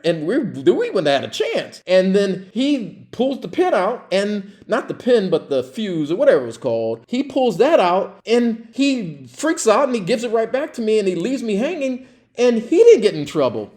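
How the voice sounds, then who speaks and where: A man hosting a podcast, telling a story in a casual, halting way and acting out the other people's lines in a raised voice. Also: high voice. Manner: animated, acts out quoted dialogue in a raised voice; halting, with many restarts and fillers. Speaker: podcast host.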